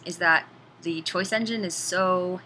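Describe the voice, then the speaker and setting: Woman rambling thru a game review, bright voice, lively and kinda sweary. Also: lowish voice, measured pace, slight background noise, low-quality recording. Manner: animated and chatty, swears casually. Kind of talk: casual spoken game review.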